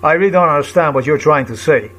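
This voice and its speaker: A man vlogging a rambling personal account, halting and repetitive as he searches for words, and agitated and indignant. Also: on the high side, pushed and bright.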